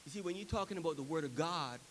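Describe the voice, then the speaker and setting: High-voiced preacher man in a hall. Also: expressive, fast, slight background noise. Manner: builds from quiet reflection to loud emphatic preaching. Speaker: pastor. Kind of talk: sermon.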